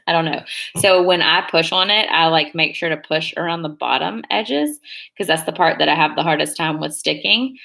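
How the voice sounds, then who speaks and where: A young woman chats loosely while she does her nails. Her voice is bright and a bit gravelly, and she rambles and hedges as she talks. She sits fairly low in pitch. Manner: rambling, chatty, hedges a lot. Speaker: beauty vlogger on a live stream. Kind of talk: casual chat while doing her nails.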